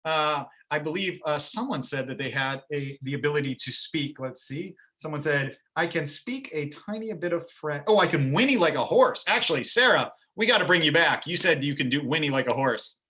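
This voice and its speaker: Bright-voiced upbeat male game show host. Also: fairly high pitch, lively intonation, moderate pace, hardly any pauses. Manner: upbeat, chatty, jokey. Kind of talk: livestream game show hosting. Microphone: video call.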